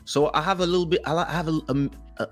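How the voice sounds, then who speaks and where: A man hosting a casual talk show, telling stories in an animated way and acting out quotes, with a French-speaking background. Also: fairly high pitch, racing, faint music behind. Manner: animated storyteller, acts out quotes. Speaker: host.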